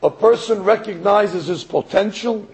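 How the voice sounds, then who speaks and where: A man giving a sermon as a rabbi, telling a story in an animated way and rising to emphatic peaks. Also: high voice, measured pace, slightly rough, poor audio. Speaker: rabbi or Torah teacher.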